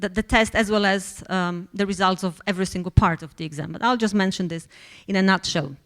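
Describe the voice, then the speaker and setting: Teacher trainer, woman, hesitant delivery full of fillers, mid pitch. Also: fairly quick. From Poland. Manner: hesitant, many fillers and restarts. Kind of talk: workshop presentation.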